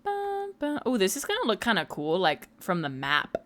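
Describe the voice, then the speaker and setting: A woman's voice: lowish voice, big pitch swings, brisk, a bit bright. A woman in her mid-twenties chatting casually and teasing her viewers during a late-night gaming livestream. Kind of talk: casual chat while gaming.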